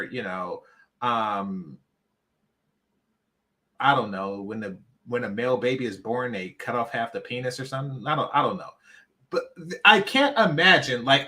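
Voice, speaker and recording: A man's voice: medium pitch, sharp tone. A man hosting a reaction commentary, emphatic and mocking, often repeating himself. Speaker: commentary channel host.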